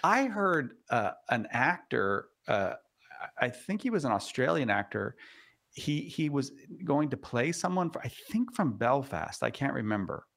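A man hosting a radio talk show, chatting in a relaxed, joking way with plenty of filler words. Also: medium pitch, moderate pace, gravelly.

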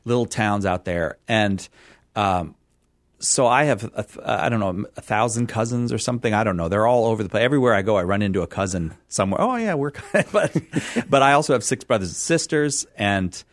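A man's voice: lowish voice, brisk, no echo, clean studio sound. A middle-aged man from California, a radio guest who talks in a rambling, self-deprecating way and laughs easily. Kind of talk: casual interview chat.

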